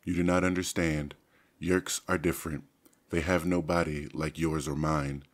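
Audiobook: man doing a dying, telepathic alien warrior, slow and formal, low voice. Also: level tone. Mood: solemn. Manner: slow, solemn, formal speech.

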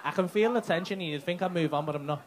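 Sweary comedian teasing a loud crowd. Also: male voice, sits high, fast. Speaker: stand-up comedian. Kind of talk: crowd work banter. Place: comedy club stage. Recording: live club recording with crowd noise. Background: loud audience laughter.

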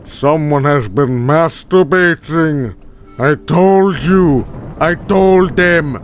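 A man voicing a solemn male doom-preacher figure who draws out slow pronouncements. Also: fairly high pitch, faint music behind.

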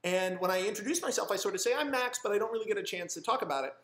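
High-pitched young guy telling a story, rambly and sweary, echoey room. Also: rapid-fire. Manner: animated, rambling, profane. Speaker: screenwriter. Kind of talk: casual storytelling monologue. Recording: roomy echo.

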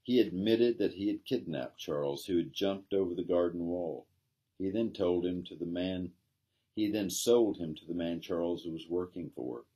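A man, a pastor, gently reading a children's story aloud. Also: low voice, normal speed, slightly rough. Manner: gentle storytelling, plainly voicing characters.

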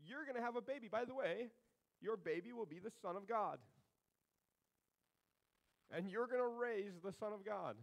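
A man putting on a breezy high-pitched angel. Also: lively intonation, moderate pace, vocal fry, pauses often, rough recording. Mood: chummy. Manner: overly casual, chummy. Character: breezy, casual angel messenger, chatty and upbeat.

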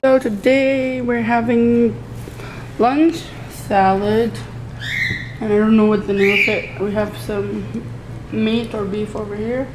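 A woman's voice: a little high, fairly even intonation, takes it slowly, noisy background. A young woman chatting casually in a home vlog, talking hesitantly with many fillers and restarts. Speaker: vlogger. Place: home bedroom with window open.

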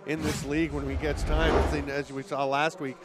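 Male color analyst, easygoing and explanatory, voice a bit higher than most men. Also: moderate pace, very noisy. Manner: relaxed analytical color commentary. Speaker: color commentator. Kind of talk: sports commentary.

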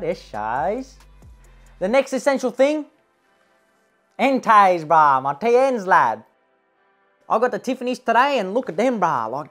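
A woman's voice: mid-range voice, close to an everyday voice. A woman playing a brash young male eshay with an Australian accent, slangy and boastful, tagging every line with "bruh" and "lad", in a comic parody vlog. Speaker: comedy parody host.

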